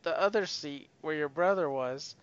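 High bright guy, slow teasing talk, muffled audio. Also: clean tone, no echo. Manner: teasing, giggly, halting. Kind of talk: casual chat.

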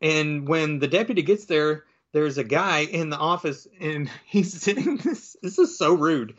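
A man chatting casually as he recaps a comic book, rambling with lots of fillers and slipping into quick character voices. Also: fairly high pitch, lively intonation, dull audio. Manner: rambling, filler-heavy, acts out quoted lines in different voices.

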